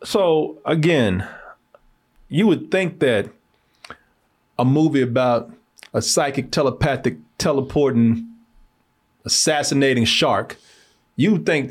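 A man hosting a podcast, reviewing a movie in slangy, animated, laughing casual chat. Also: medium pitch, slow, long pauses, husky.

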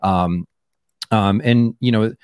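A man's voice: lowish voice, steady tone, slow, a little mellow, clear, resonant tone, no echo, studio quality. A comedian guest chatting casually, rambling and restarting his sentences with many fillers. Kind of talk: casual chat.

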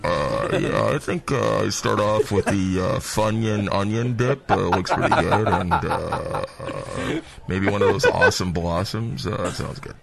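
A man's voice: animated, gravelly, a crowd in the background, heavily acted. Pilot Bob, a man doing a smug drawling pilot. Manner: slow, low drawl full of "uh"s; smug, self-satisfied. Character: smooth, unflappable male airline pilot. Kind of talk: improvised comedy bit.

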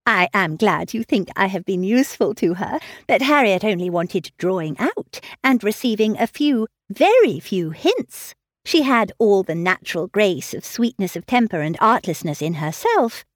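A woman voicing a lively, self-assured young lady, bright and animated in tone. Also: mid-range voice, normal speed, no room sound, clean studio sound. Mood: gracious. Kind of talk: audiobook character reading.

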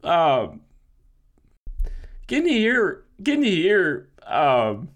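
A man co-hosting a podcast, crying as he speaks haltingly, full of fillers and teary laughs. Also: high voice, wildly swooping pitch. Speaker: podcast co-host. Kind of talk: emotional podcast farewell.

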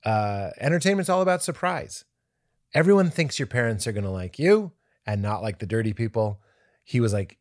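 A middle-aged male comedian telling an animated story in a podcast conversation, jumping into high-pitched impressions. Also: moderate pace. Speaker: comedian guest.

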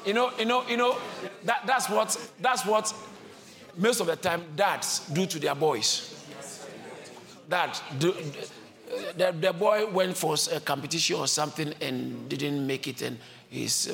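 A man preaching a sermon with passion, repeating his lines and climbing to high shouts, with a congregation answering him. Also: moderate pace, vocal fry, crowd noise. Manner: impassioned, repeats phrases, builds to high shouts. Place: church service. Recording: live congregation audible.

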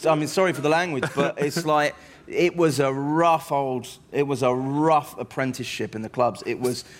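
A man's voice: mid-range voice, steady tone, moderate pace. A man, a comedian telling rambling, self-deprecating stories as an interview guest. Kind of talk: anecdotal interview chat.

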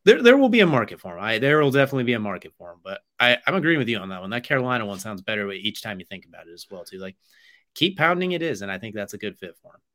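A man's voice: fairly low pitch, animated, rapid-fire, sharp tone. A young man co-hosting a sports podcast, rambling through casual chat and ad reads and tacking "as well, too" onto his sentences.

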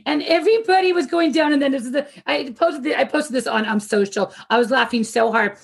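High-voiced laughing woman telling a story. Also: a little fast, gravelly. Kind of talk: casual chat over video call. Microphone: video call.

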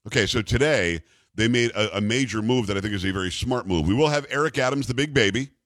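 A man's voice: medium pitch, fast talker, fairly bright tone, no echo, studio quality. A man hosting a talk radio show, bantering with a co-host in a jokey, sarcastic way. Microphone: studio mic.

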